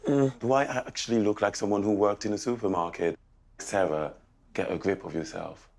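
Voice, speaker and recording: A man's voice: on the low side, normal speed, gravelly, a little mellow. A man chatting at a dinner party, teasing the other guests playfully. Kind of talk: casual chat at a dinner table.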